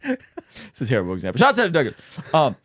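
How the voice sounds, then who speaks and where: Casting: lively male podcast host, big pitch swings, dry close sound. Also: quick pace, husky, no room sound. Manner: animated, exclaiming, trailing off into restarts. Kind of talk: casual commentary chat.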